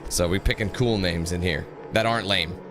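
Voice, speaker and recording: A young man with a lowish voice chats casually through a gameplay stream, rambling and greeting viewers by name. Game music plays clearly beneath his voice. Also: brisk. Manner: casual, rambling, laughs often. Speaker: gaming YouTuber. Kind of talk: live gameplay commentary.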